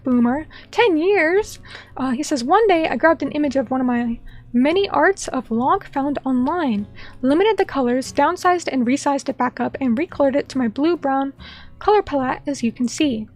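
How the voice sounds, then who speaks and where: A woman streamer chatting casually at home and reading viewer comments aloud, playful and teasing, sometimes mock-indignant. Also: high voice. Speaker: VTuber streamer.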